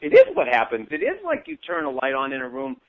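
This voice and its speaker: A man speaking in casual conversation as a guest. He is animated, laughs often and acts out other voices in his stories. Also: medium pitch, fast talker. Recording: tinny phone-like audio.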